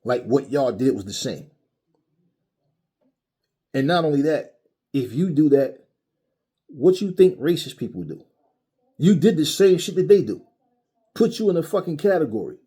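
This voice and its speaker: Angry, husky-voiced man ranting. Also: fairly high pitch, very animated, moderate pace, pauses often, mellow. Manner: angry, profane, mocking. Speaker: boxing commentary channel host. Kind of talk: heated opinion rant.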